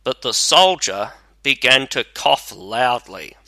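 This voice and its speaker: Slow bright-voiced male storyteller. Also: mid-range voice, expressive, dry recording. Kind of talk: scripted fairy tale narration.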